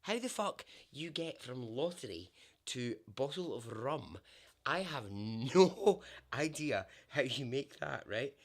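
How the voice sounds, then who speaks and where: A Scottish man spinning a yarn for his podcast in a relaxed, chatty way. His voice sits at an ordinary pitch, and he laughs easily and slips in the odd swear word. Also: takes it slowly. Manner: animated, laughs often, swears. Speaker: podcast host and storyteller. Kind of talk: casual spoken storytelling.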